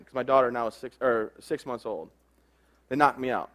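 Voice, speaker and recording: A man in his thirties speaking at a fast clip, his pitch sitting in a middle register. He tells his own story to a crowd frankly and plainly, with quick asides. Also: fairly even intonation. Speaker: army veteran speaker. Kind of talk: personal testimony talk.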